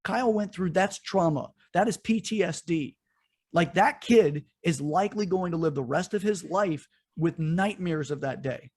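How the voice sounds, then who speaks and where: A man's voice: high voice, normal speed, a little mellow. Heated, profane male podcast co-host. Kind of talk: casual political chat.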